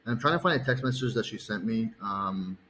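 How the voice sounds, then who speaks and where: Brief: low-voiced man, heated profane storyteller, faint hiss behind. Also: animated, a little fast, sharp tone, poor audio. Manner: profane, heated, repeats "okay" and "right". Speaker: fitness coach. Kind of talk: ranting storytime vlog.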